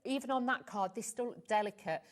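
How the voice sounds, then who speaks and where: A woman's voice: on the high side, lively intonation, brisk. A woman, a guest craft demonstrator chatting casually on a TV studio set, giving practical tips.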